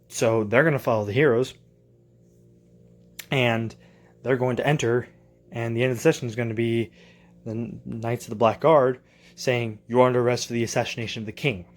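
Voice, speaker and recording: A man talking as a tabletop game master in a casual home vlog, thinking aloud and correcting himself as he rambles through his plans, recorded in his basement. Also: mid-range voice.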